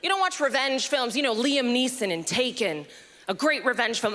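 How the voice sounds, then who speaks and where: Bright, high-voiced woman doing stand-up. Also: sing-song. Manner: dry, quick-witted punchline delivery. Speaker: stand-up comedian. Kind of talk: stand-up comedy set. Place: comedy festival stage.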